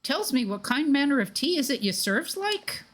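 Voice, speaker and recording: A woman's voice: sits high, very animated, moderate pace, fairly bright tone, soft background music, pitched above the performer's own voice. Woman doing a lilting faux-Irish fairy godmother. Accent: put-on Irish. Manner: sing-song, mangled archaic phrasing. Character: bubbly fairy godmother woman, garbled lilt.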